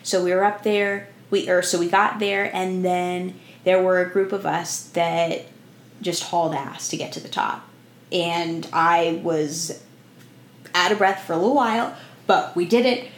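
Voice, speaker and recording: A woman's voice: lowish voice, fairly even intonation, unhurried. A woman in her twenties co-hosting a podcast, telling a travel story in casual chat with lots of "like" fillers. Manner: chatty storytelling, many "like" fillers. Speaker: podcast co-host. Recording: echoey room with faint noise.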